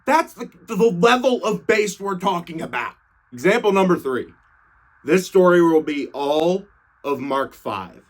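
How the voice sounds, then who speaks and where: A man's voice: high-pitched, expressive, unhurried. A young man irreverently retelling scripture as comedy, slangy and swearing casually. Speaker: comedic storyteller.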